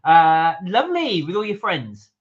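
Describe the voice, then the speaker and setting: A man's voice: high-pitched, very animated, measured pace. A man co-hosting a casual live-stream chat, reading viewer comments aloud with frequent uhs. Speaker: vlog co-host. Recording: dull lo-fi stream audio.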